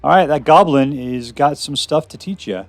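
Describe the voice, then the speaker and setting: A man narrates his own card game in a loose, joking way, muttering about his hand and teasing his opponent. His voice sits a touch high for a man. Soft music plays underneath. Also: normal speed, no echo. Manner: chatty, jokey, talks to himself while playing. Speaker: gameplay streamer. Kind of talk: casual gameplay commentary.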